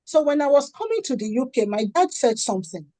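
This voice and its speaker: A middle-aged woman from Nigeria, a charity founder and author, talking in an interview and acting out the dialogue in her stories with lively energy. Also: sits high, brisk, no echo. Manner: animated storytelling, acts out quoted dialogue. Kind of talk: conversational interview.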